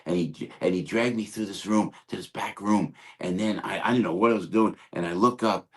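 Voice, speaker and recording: An older man, a guest comedian, tells show-business stories with a somewhat low voice. He acts out the voices of the people he quotes and repeats words for effect. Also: a little fast. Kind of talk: animated anecdotal storytelling.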